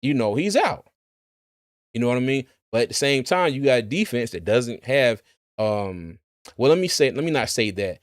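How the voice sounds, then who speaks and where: Guy hosting a sports stream, mid-pitched voice, chatty, laughs a lot, repeats himself. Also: lively intonation, normal speed, no room sound, studio quality. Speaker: sports channel host. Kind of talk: casual livestream sports commentary.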